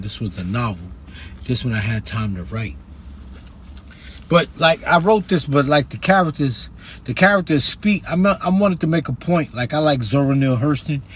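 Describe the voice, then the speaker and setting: A New York man with a New York accent, medium-pitched and recorded with a little hiss or hum, chats casually on a livestream about his books. The author reads a passage aloud, blunt and profane, breaking into sudden emphatic bursts.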